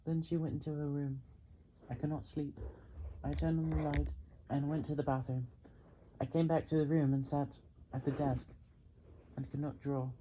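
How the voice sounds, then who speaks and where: Guy narrating an audiobook, steady even reading, slightly muffled, faint hiss. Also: a little high. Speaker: audiobook reader. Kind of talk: first-person novel narration.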